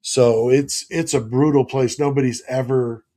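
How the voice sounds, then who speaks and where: A middle-aged man talks casually on a live stream at an average pitch. He rambles from one story to the next and stops now and then to read viewer comments aloud. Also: fairly even intonation, unhurried, mellow.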